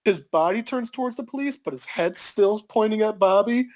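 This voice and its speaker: A man's voice: sits high, lively intonation, normal speed, darkish tone. A man telling a comedic story on a podcast, acting out voices and laughing as he goes. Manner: acts out quoted voices, laughs mid-story.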